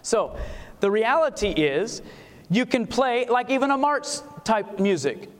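A man's voice: extremely high pitch, very animated, unhurried. A man giving an emphatic preaching lecture on music, asking his audience questions and singing short examples. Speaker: Christian music seminar speaker. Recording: long hall reverb.

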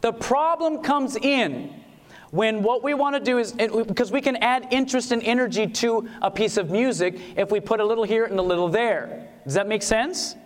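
A man's voice: high voice, moderate pace. A man giving an emphatic preaching lecture on music, asking his audience questions and singing short examples. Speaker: Christian music seminar speaker. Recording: long hall reverb.

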